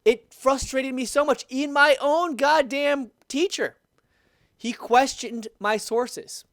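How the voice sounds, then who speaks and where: A man's voice: very high-pitched, slow, fairly bright tone, no room sound. Heated man ranting, dry close sound. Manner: heated, repetitive, restarts and swears when riled. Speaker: video commentator. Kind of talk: ranting political commentary.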